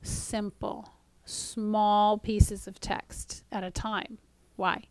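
A woman's voice: medium pitch, level tone, drawn-out words, no echo. A woman giving a casual spiritual talk to camera. She is conversational, uses frequent fillers and restarts, and sometimes drops to a near-whisper for emphasis. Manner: mock-exasperated voice when acting out a frustrated reader. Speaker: spiritual teacher. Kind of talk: casual spoken teaching to camera.

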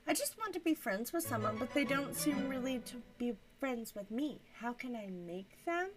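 Woman doing a lonely young game girl, wistful, pleading, high voice, music behind. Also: very animated, moderate pace.

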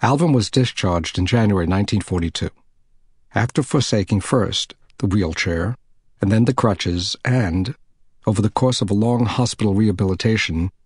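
A man reading a novel aloud in measured, deliberate narration. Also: lowish voice, breathy edge, no room sound, studio quality. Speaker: audiobook narrator. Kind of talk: scripted narration.

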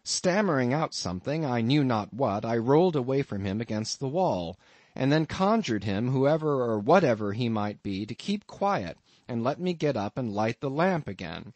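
A man narrates an audiobook with an expressive, dramatic delivery. His pitch moves in wide, animated swings around a middle register. The recording is dry and close, with no trace of a room. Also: normal speed, no echo, dull audio.

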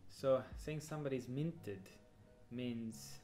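A young man co-hosting a casual chat, giving jokey, deadpan made-up explanations. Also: mid-range voice, takes it slowly, soft background music. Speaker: co-host. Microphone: handheld recorder.

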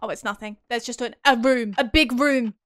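A woman's voice: a little high, moderate pace, fairly bright tone, dry recording, clean studio sound. A woman commentating her own horror game playthrough, talking to herself, swearing and screaming when startled. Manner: jumpy, talks to herself, swears and screams at scares. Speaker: gaming streamer.

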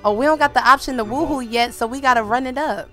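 A woman giving casual, joking gameplay commentary, animated and laughing often. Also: high voice, fast talker, soft background music. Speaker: gaming YouTuber.

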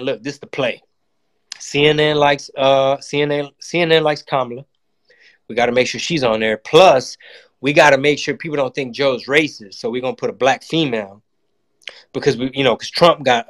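A man's voice: mid-range voice, a bit bright. A man giving a casual, profane political monologue and acting out quotes in voices. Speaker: comedian and channel host.

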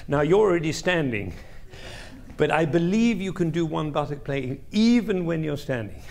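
A man's voice: a little high, lively intonation, moderate pace, creaky, darkish tone. An older man leading a music interpretation class, coaching a player and singing the phrases aloud in a playful, coaxing way. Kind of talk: masterclass coaching.

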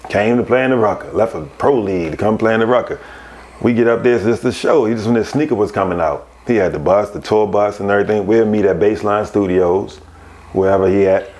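A man, a podcast guest, telling casual stories, animated and laughing as he acts out other people's voices. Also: fairly low pitch, fast talker. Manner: animated, laughs through his anecdotes. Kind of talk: casual storytelling.

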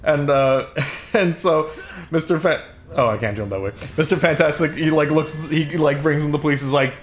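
A man's voice: fairly high pitch, normal speed, roomy sound. A man co-hosting a gaming podcast, chatting casually and laughing while he plays. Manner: giggly, rambling, playful voices for quoted characters. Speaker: podcast co-host playing the game.

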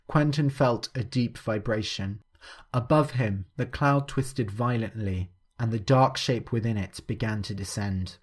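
A man narrating a scripted story clearly and steadily for language learners. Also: mid-range voice, unhurried, a little mellow.

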